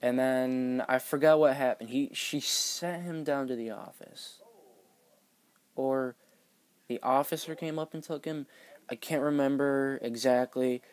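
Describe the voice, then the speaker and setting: A man's voice: mid-range voice, measured pace, darkish tone, dry recording. A teenage boy vlogger telling a school story in a casual, rambling way, full of "like" fillers. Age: teens.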